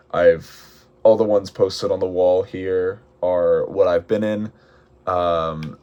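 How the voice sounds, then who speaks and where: A young man in musical theatre, chatting casually in a vlog, tired, with many ums and restarts. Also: low voice.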